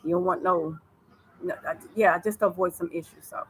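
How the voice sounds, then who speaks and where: A woman's voice: fairly low pitch, steady tone, normal speed, slight background noise, low-quality recording. An American woman giving casual advice in a vlog, chatty and repetitive, laughing easily. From United States. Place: living abroad in East Africa.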